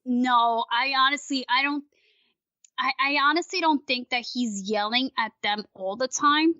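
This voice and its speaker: A woman guest on a casual podcast, talking in an animated, ranting way and swearing freely. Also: high voice, measured pace, no echo. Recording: dry, dull lo-fi sound.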